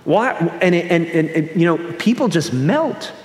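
A man's voice: on the high side, animated, unhurried, hardly any pauses. A man from the American Northeast preaching a sermon as pastor, earnest, often restarting his phrases. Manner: earnest, with repeated restarts and shifting pace. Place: church sanctuary. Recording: echoey hall with long reverb.

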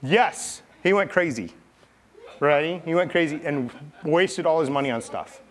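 Here a pastor speaks a little high and expressively, taking his time. He tells children a Bible story with playful chatter, coaxing the kid volunteers and telling them what to do.

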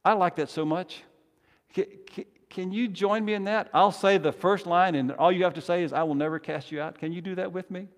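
A man preaching a sermon as pastor, emphatic and swinging from soft to loud, leading his congregation in call-and-response. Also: sits high, moderate pace. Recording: long reverb of a large hall.

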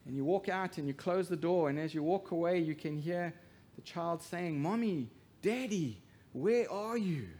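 A man preaching a sermon as pastor, swinging from hushed to loud emphasis and asking the congregation rhetorical questions. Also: on the high side, fairly even intonation, normal speed, hardly any pauses.

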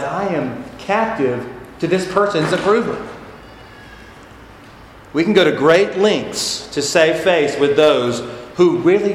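A man preaching a sermon as pastor, stressing points by repeating them. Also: mid-range voice. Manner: emphatic, repeats key phrases for stress. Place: church sanctuary. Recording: echoey church hall with faint noise.

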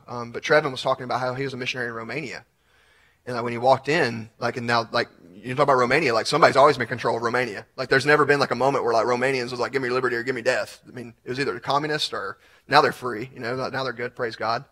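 A man's voice: medium pitch, sharp tone. A male community pastor, teaching in a casual, filler-heavy way and then leading prayer.

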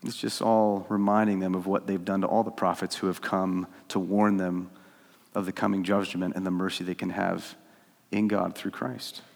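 Male preacher with a low voice, delivering a sermon with dramatic shifts from loud to hushed, in a reverberant hall. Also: normal speed, vocal fry. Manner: animated preaching, voices God's pleas, swings from loud to hushed. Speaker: pastor.

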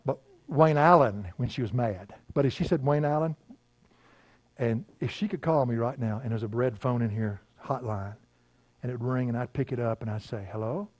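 An older man, preaching a sermon in a folksy storytelling way, laughing often and dropping to a hush. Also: medium pitch, brisk, dry recording. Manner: folksy storytelling, laughing, swings from loud to hushed. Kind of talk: sermon with personal stories.

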